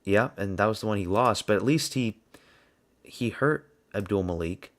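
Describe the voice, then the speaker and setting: A man's voice: lowish voice, moderate pace. A man hosting his own channel, talking through casual fight predictions in a blunt, rambling way, thinking aloud as he goes. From United States. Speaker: host.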